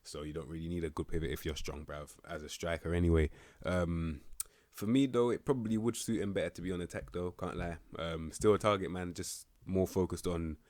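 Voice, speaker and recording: A young man, casually rating players in a football management game, slangy and laid-back with bursts of excitement. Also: low voice, brisk, no echo, studio quality. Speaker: gaming YouTuber rating players.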